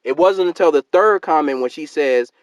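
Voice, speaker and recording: On his own YouTube channel, a man with a slightly high voice rants heatedly to camera at a normal speed, arguing and repeating his points while calling people "sister" and "fam." The recording is low quality, with no room sound.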